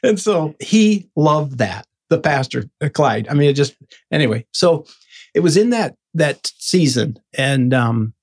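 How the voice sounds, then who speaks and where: A man in an interview telling his own story in a casual, animated way, acting out the voices of people he quotes. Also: unhurried, slightly rough. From Michigan. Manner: animated, acts out quoted voices with sudden high bursts.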